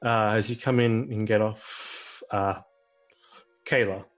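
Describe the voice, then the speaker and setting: A man's voice: lowish voice, fairly even intonation, takes it slowly, soft background music. A man narrating a tabletop game as game master, hesitant with many fillers.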